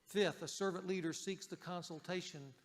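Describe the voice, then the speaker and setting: A male pastor preaching a sermon in a conversational way, raising his voice for emphasis and dropping it softly for key points. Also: high voice, fairly even intonation, moderate pace, big-room sound.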